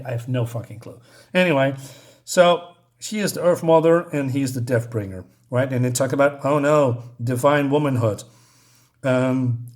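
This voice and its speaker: A man giving a rambling, exasperated and sarcastic comic book review, full of restarts and mocking asides. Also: a little high. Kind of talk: casual review monologue.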